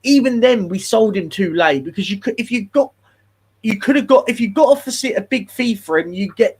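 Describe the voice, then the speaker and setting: A man, co-hosting a casual football chat, animated and repeating his words as he gets going. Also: high voice, husky. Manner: animated, repeats words when getting started. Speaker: co-host.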